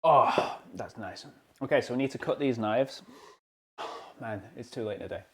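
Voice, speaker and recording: A man's voice: medium pitch, moderate pace, breathy edge. A young British man streaming live from his home kitchen, chatting casually and joking at his own expense while he bakes. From United Kingdom. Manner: chatty, joking, self-deprecating.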